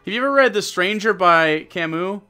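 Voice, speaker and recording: A man's voice: sits high, lively intonation, fairly quick, bright, forceful tone, clear, resonant tone, soft background music. A man hosting a casual live-streamed debate chat, loose and joking, swearing often. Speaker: streamer host.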